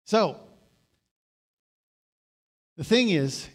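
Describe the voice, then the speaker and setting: Brief: male pastor, high-pitched, conversational sermon that swells into exhortation. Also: animated, extremely slow, fairly bright tone. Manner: conversational preaching, rising to emphatic exhortation.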